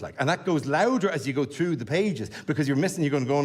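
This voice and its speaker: Rapid-fire Irish man doing stand-up. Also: on the high side, expressive, darkish tone, breathy edge. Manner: rapid-fire conversational delivery. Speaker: stand-up comedian. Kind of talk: stand-up storytelling.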